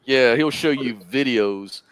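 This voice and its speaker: A man's voice: mid-range voice, slow, crowd noise, rough recording. Call-in host, male, rambling casual storyteller. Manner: rambling storyteller, says "dude".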